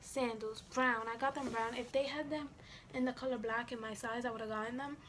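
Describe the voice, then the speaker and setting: A woman's voice: a little high, fairly even intonation, brisk, very noisy. A young woman vlogger telling a story in casual, rambling chat, full of fillers and quoted dialogue.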